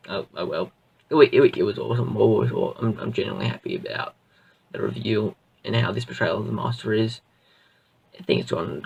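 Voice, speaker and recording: A man's voice: fairly low pitch, gravelly, breathy edge, distant mic, low-quality recording. A man reviewing a show in a casual, rambling way, full of fillers and restarts. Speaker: video reviewer.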